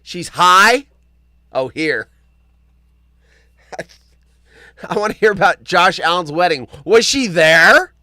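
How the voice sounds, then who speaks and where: Lively high-voiced male host. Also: slow pace, long pauses, no room sound. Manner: animated, joking, reads chat comments aloud. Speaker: live show host. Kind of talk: casual live-stream chat.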